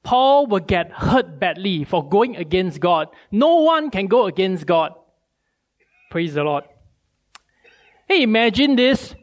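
Man preaching, high voice, slow deliberate pace, lively rhetorical questions. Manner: animated storytelling with many rhetorical questions. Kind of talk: sermon.

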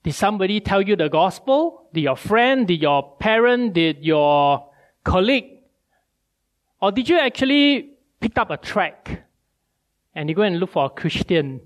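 Man preaching, high voice, slow deliberate pace, lively rhetorical questions. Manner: animated storytelling with many rhetorical questions. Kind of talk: sermon.

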